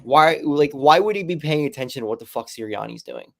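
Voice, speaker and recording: A man's voice: fairly high pitch, animated, fairly quick, vocal fry, fairly bright tone. A young man co-hosting a casual sports podcast. He is opinionated and swears casually. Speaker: podcast co-host.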